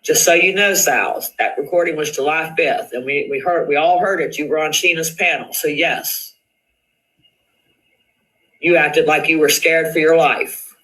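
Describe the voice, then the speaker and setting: A man's voice: fairly high pitch, measured pace, bright, forceful tone, low-quality recording. A man hosting a live stream, reading screenshots aloud and going over online drama in casual commentary, repeating questions for emphasis.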